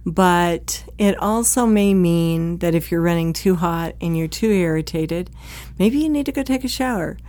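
A woman's voice: lowish voice, a little slow, a little mellow. A woman hosting an advice podcast, speaking conversationally and acting out short quoted exchanges between partners. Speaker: podcast host, psychologist.

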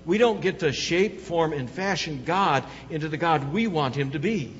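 A man's voice: on the high side, lively intonation, moderate pace, a little hiss or hum. A pastor preaching an emphatic sermon, putting questions to his congregation. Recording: long hall reverb, dull lo-fi sound.

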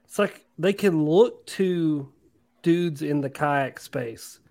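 A man with a somewhat higher voice, talking casually on a podcast. He is animated and self-deprecating, and he tosses in quick asides as he goes. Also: vocal fry. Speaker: podcast co-host, angler. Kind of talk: casual chat.

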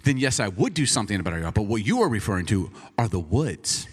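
A man in his forties, a pastor, telling a funny story in a sermon in an animated, self-mocking way. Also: lowish voice, fast talker, big-room sound, slight background noise.

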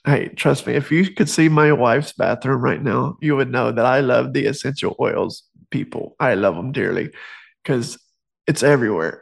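Man, casual faith talk, book reading, slightly high voice, rambling, joking asides. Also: creaky. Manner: conversational, digressive, joking asides. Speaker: Christian author and speaker.

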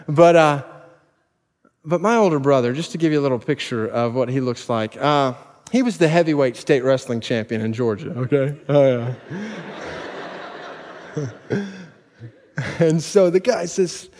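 A pastor telling personal stories in a sermon, building to emphatic preaching before a congregation. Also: male voice, a little high, moderate pace, long pauses. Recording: long reverb of a large hall.

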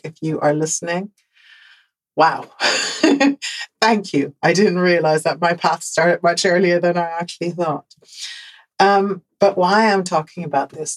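A woman from the Netherlands with a Dutch accent, hosting a podcast and telling a personal story in an animated way, repeating words for emphasis and laughing often. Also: deep voice, vocal fry, breathy edge, low-quality recording. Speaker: podcast host.

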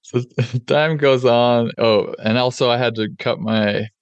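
A man hosting a podcast, telling a personal story candidly in a relaxed, conversational way with plenty of fillers. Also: medium pitch, measured pace, clear, resonant tone, no room sound, highs cut off. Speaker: podcast host and oral surgeon.

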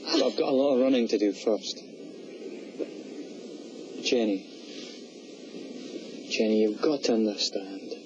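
A devout, resolute young runner, speaking slowly and with quiet sincerity. The sound is a muffled old film soundtrack. Background noise hangs clearly beneath every word. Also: male voice, lowish voice, lively intonation. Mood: earnest. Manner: earnest, measured and sincere. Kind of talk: film drama dialogue.

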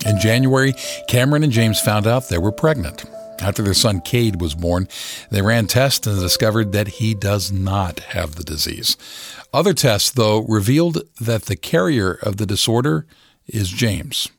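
A man reading scripted narration for a broadcast story in a measured way. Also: on the low side, lively intonation, soft background music.

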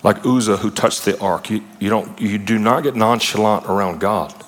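A man preaching a sermon in a conversational style, breaking into animated asides and playful retellings. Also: fairly low pitch, moderate pace. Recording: long hall reverb.

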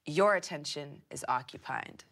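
A woman narrating a tabletop game as game master, animated and switching quickly into character voices. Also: low voice, gravelly.

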